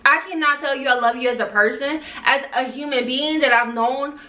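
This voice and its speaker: A young woman telling a storytime vlog in a casual, animated and exasperated way, acting out both sides of an argument. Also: high-pitched, moderate pace, reverberant, far from the mic. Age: young adult. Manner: animated, exasperated retelling with quoted back-and-forth. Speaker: vlogger.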